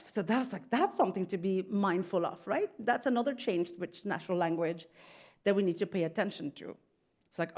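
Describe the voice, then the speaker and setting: A woman speaking at a conference, presenting in a lively, chatty way and joking with the audience. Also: mid-range voice, a little fast. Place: conference room.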